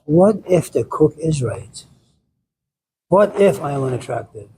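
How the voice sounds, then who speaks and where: A man's voice: fairly high pitch, big pitch swings, a little slow, dark tone, slight background noise, rough recording. A man voicing a vain, indignant talking chicken. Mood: worried. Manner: indignant, boastful.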